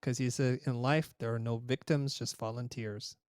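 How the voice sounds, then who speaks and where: A middle-aged man recounts a personal story as a podcast guest, his medium-pitched voice reflective and unhurried. He acts out bits of remembered dialogue. The recording is close and dry, with no room echo. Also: steady tone, a little mellow. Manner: reflective, anecdotal, retells dialogue. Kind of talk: interview storytelling.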